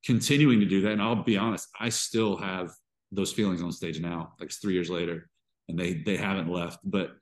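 A man with a very deep, low voice shares his personal struggles as a podcast guest. He talks in halting bursts, restarting sentences and circling back as he works through what he feels. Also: fairly even intonation. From Georgia. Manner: halting, restarts often, emotional storytelling. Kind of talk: candid interview conversation.

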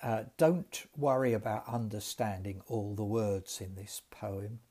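A male teacher explains in a recorded lesson about accents. He speaks slowly and clearly in a lowish voice, explaining things step by step. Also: mellow. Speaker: English teacher.

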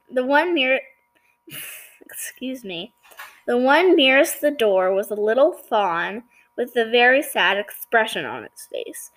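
A woman with a fairly high voice reads a children's novel aloud, chapter by chapter. She sometimes trips on a word, says excuse me and goes back over it. Her delivery is a relaxed, homespun read-aloud. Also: poor audio. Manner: stumbles and apologizes for slips. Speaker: reader. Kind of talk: reading a children's book aloud.

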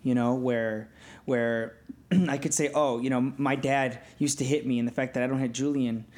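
A man's voice: mid-range voice, steady tone, normal speed, a little mellow. A man co-hosting a podcast, speaking casually and thoughtfully. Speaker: podcast co-host. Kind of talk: casual chat.

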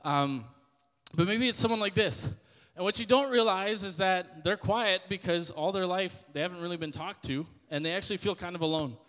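A young man giving a loud, joking youth sermon to an audience in a church hall. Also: high voice, normal speed. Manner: loud, joking, self-deprecating storyteller. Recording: long hall reverb.

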